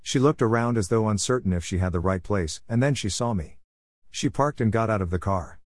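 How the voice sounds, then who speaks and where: A man tells a story in a calm, even reading voice. His voice sits low, and the recording is dry with no room sound. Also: fairly quick, no room sound. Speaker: audiobook narrator. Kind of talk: scripted narration.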